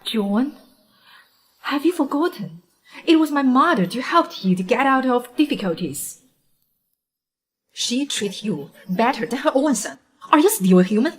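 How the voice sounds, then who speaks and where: A woman's voice: high voice, very animated, a little slow, pauses often, slight background noise. A woman voicing a wronged young mother, bitter and pleading, in a dubbed drama. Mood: grieving.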